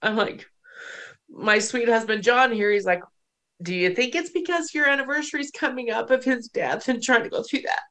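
A woman's voice: on the high side, normal speed, pushed and bright. Emotional woman host telling a story. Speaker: podcast host. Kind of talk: casual conversation.

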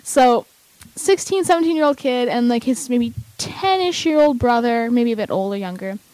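A young woman chatting casually as a vlogger, excitable and rambling with lots of fillers. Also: fairly high pitch, moderate pace, dry recording, low-quality recording. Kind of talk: casual chat.

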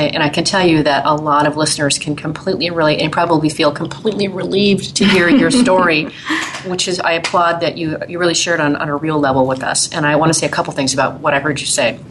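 Woman host, really low voice, encouraging and affirming toward her guest. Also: fairly even intonation, brisk, background noise. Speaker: podcast host. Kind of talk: interview reflection.

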